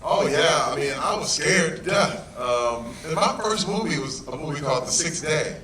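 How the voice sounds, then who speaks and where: A man telling a story at a premiere Q&A, lively and laughing, acting out quotes. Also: a little high, moderate pace, slight background noise. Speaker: guest actor at a premiere Q&A. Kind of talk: animated storytelling in a Q&A. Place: large cinema hall with audience. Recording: echoey hall recorded from far off. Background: loud audience crowd.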